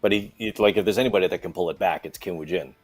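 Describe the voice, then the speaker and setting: A man's voice: deep voice, rapid-fire, breathy edge. A man co-commentating archery in casual chat, with laid-back, dry remarks.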